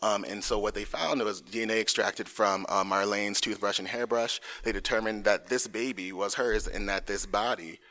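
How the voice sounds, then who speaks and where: A man co-hosting a true crime podcast, recounting a case in casual chat, halting, with many fillers and jokey asides. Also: on the low side, steady tone, pushed and bright. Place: in front of a live audience.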